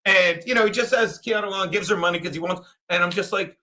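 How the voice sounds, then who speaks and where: Brief: raunchy fifties stream host, high-pitched and bright, rambling stories. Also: male voice, fast talker. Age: 50s. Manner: crude, rambling, loud storytelling. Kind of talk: casual sports watchalong chat.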